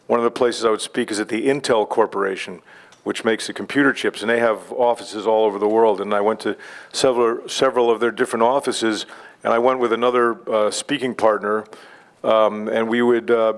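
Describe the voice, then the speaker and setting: A man hosting an open mic night, talking casually to the audience with many fillers and restarts. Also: mid-range voice. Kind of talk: casual emcee remarks. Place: live studio venue.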